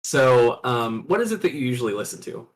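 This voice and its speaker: A man running a tabletop horror game as game master, quick, loose and joking. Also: medium pitch, big pitch swings.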